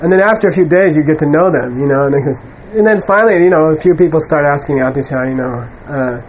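A man's voice: fairly high pitch, quick pace, lo-fi sound, slight background noise. A man giving an informal spiritual teaching, telling stories in a conversational way, with frequent "you know". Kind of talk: informal dharma talk.

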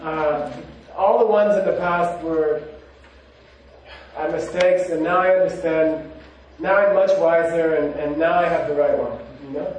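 High-voiced monk in an echoey room. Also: male voice, fairly even intonation, a little slow, a little mellow, a little hiss or hum. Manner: rambling and conversational, many "you know"s. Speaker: monk giving a teaching. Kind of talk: casual spiritual talk with personal stories. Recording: very echoey room, mic far off.

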